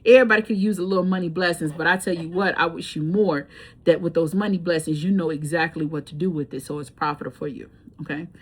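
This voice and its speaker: A woman's voice: fairly low pitch, fairly even intonation, fast talker, husky. A woman tarot reader chatting casually to camera, telling stories with loose laughs and the odd swear word.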